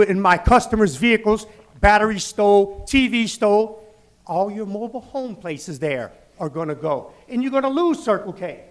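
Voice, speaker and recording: Brief: man, business owner at public comment, high voice, furious and indignant, shaking with anger. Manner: angry, indignant, rising to loud outbursts. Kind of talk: public comment at a city council meeting. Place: council chamber.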